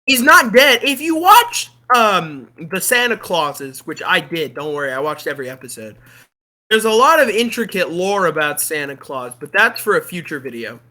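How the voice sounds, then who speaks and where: Bright-voiced streamer on a rant. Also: medium pitch, moderate pace. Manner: animated, swearing, giggly storytelling. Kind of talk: comedic movie rant on a stream.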